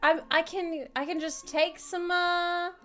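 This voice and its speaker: A woman's voice: very high voice, level tone, slow pace, fairly bright tone, soft background music. A tired woman streaming, chatting casually and rambling, often breaking into laughter.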